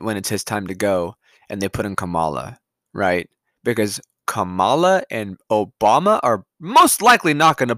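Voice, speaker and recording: A man's voice: fairly high pitch, sharp tone, no echo. A man hosting a podcast, ranting profanely in a rambling solo monologue that keeps digressing. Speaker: podcast host. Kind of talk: solo political rant monologue.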